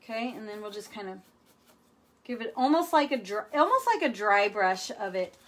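A woman's voice: medium pitch, big pitch swings, normal speed. A woman hosting a live furniture painting demonstration, chatty and playful as she talks viewers through each step.

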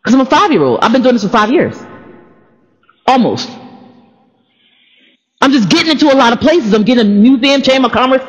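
A man, an artist, telling a personal story in a casual monologue, excitable and repeating phrases for emphasis. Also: very high voice, a little fast, long pauses, big-room sound, poor audio.

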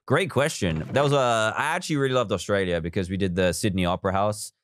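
A man's voice: on the low side, fast, fairly bright tone. A man live streaming a building game, chatting casually, reading viewer comments aloud and counting blocks as he works.

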